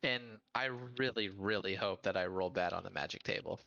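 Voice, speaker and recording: A man playing a tabletop game, eager and hurried. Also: deep voice, vocal fry, bright, forceful tone, no echo, lo-fi sound. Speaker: player.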